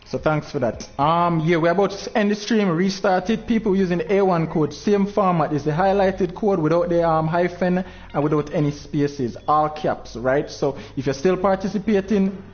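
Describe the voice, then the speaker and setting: A man's voice: high voice, moderate pace, few pauses, darkish tone, lo-fi sound. A Jamaican man hosting a game tournament livestream, talking in heavy patois, frustrated and preaching at his viewers.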